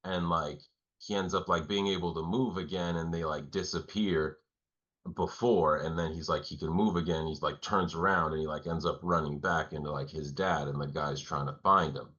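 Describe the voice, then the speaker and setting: A man's voice: a bass voice, fairly even intonation, moderate pace, fairly bright tone, lo-fi sound. A young man casually retelling a story on a podcast, rambling with constant "like" fillers and casual swearing. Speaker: podcast host.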